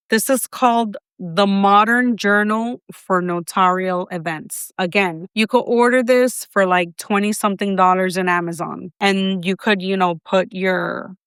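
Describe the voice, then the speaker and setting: A woman's voice: mid-range voice, a bit bright, smooth, no room sound, studio quality. A woman with a non-native accent, chatting casually as a notary showing her supplies, rambling and asking herself what things are called. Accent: non-native English accent. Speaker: loan signing agent and notary. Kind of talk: casual show-and-tell vlog. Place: Florida, USA.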